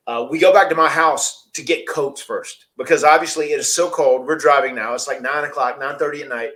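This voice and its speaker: A man's voice: a little high, fairly even intonation, a little fast, hardly any pauses, pushed and bright. A man hosting a podcast, telling a long story casually, rambling and laughing often. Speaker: podcast host.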